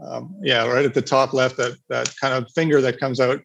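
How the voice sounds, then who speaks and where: A man's voice: mid-range voice, steady tone, moderate pace, creaky, a bit bright, a little hiss or hum, poor audio. A man presenting a property project on a webinar, talking casually and rambling with frequent restarts. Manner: rambling, with many restarts and fillers.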